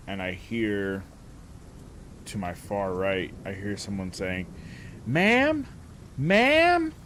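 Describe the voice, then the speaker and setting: A man casually telling a story, animated and profane, often breaking into laughter. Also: deep voice, slight background noise. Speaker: streamer.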